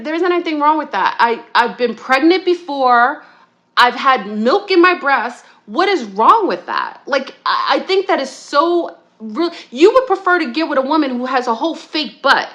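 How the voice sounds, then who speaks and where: Woman host, rant delivery, higher voice with a bright, forceful edge, rambling and fired up. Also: animated, moderate pace. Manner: heated, rambling rant with repeated restarts; swings into high-pitched outbursts and laughs. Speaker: podcast co-host. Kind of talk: ranting monologue.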